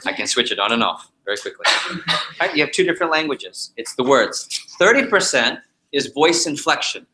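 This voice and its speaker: A man teaching a live sales training session, animated and jokey, repeating his key points to the group. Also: medium pitch, brisk, reverberant, a little hiss or hum, rough recording. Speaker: sales trainer leading a workshop.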